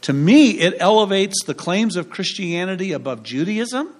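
Chatty male pastor, slightly high voice. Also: lively intonation, normal speed. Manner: conversational preaching, jokes and rhetorical questions. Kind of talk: sermon.

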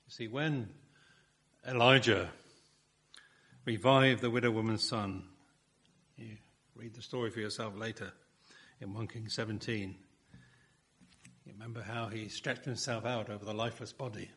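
A man's voice: fairly low pitch, fairly even intonation, normal speed, pauses often, fairly bright tone, husky. A man preaching a sermon, building his points with rhetorical questions and emphatic repetition.

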